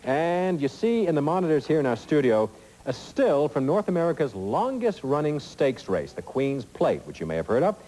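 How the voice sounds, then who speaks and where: A man's voice: fairly high pitch, very animated, normal speed, dark tone, in a large hall, rough recording. A middle-aged man hosting a TV quiz show, reading questions and chatting in asides full of fillers, in a studio. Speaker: game show host.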